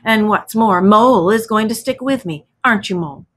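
A woman's voice: mid-range voice, pitched above the performer's own voice, natural voice. A woman doing a stubborn, cautious river rat. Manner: slow, sniffy.

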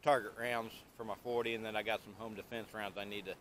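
A man's voice: lowish voice, little pitch movement, fairly bright tone, a little hiss or hum. A man hosting a casual firearms demo vlog, talking plainly and unhurriedly, with the hiccups, recorded outdoors. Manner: plain, unhurried show-and-tell. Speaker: channel host.

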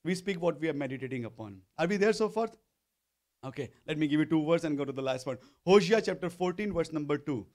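A man's voice: on the high side, expressive, fast, a little mellow. A male pastor preaching a sermon, often repeating phrases and asking the congregation questions. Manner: repetitive, call-and-response questions to congregation.

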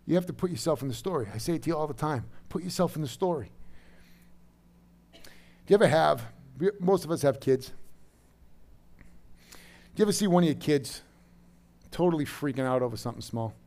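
A pastor in his thirties preaching a sermon, dropping to a soft, low voice and rising to loud, emphatic bursts. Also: lively intonation, a little fast, long pauses.

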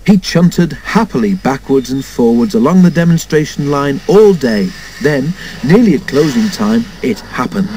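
A man reading a children's storybook aloud in an expressive way, doing all the character voices himself. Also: mid-range voice, moderate pace, slight background noise, low-quality recording. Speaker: storybook narrator.

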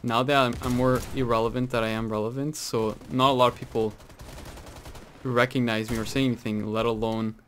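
Guy rambling through his game, mid pitch, lots of "like", yelps when stuff goes wrong, faint keys clacking behind. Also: fairly quick, a little hiss or hum. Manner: chatty, rambling with many fillers, bursts into excited exclaims. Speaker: gaming channel host. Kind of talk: casual gameplay commentary.

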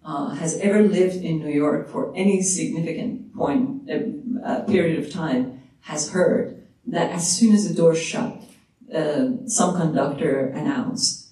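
A woman from Iran, an author answering a moderator's question in a measured, reflective way, with frequent fillers and restarts. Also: low voice, mellow. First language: Persian. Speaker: author, guest. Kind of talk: storytelling answer in a moderated talk. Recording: echoey room, distant mic.

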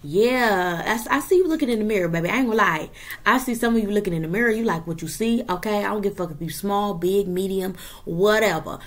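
A woman reading tarot cards for an online audience in loose, casual talk. She curses freely and punches her points with quick checks like "okay?" and a firm "period." Her voice sits at an ordinary middle pitch for a woman. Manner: animated, profane, emphatic with frequent "okay?" and "period". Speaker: tarot reader.

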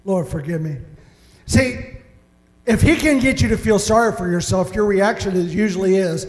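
A man's voice: high voice, normal speed, darkish tone. A man preaching a sermon as pastor, mimicking whiny complainers as he talks. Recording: echoey hall reverb.

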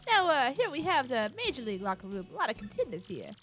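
A folksy, boastful older man who runs a fighting arena, put on by a woman, drawling and calling everyone son. His voice swings loud and lively. Faint game music plays behind. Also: high voice, fast.

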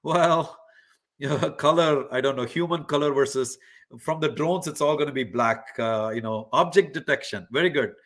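Middle-aged male professor, hosting an interactive online lecture: animated storyteller, quizzes the room, lots of fillers. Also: fairly high pitch, moderate pace. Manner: animated storyteller, questions the audience, many fillers. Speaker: workshop host and professor.

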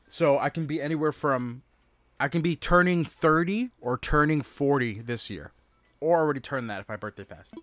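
A man in his thirties chatting casually on a live stream as he plays, reading and answering his chat aloud with quick exclamations at the game. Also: a little high, fairly bright tone. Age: 30s.

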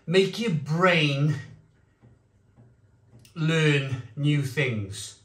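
A man reviewing beer and cheese on his channel, rambling excitedly, with bursts of shouting. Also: fairly high pitch, unhurried, long pauses, echoey room, recorded from a distance. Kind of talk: enthusiastic tasting vlog.

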